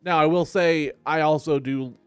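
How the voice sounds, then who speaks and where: A man's voice: on the high side, smooth, dry recording, faint music behind. A man guesting on a podcast as a stand-up comic, talking casually with swearing and laughs. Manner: quick, animated, profane.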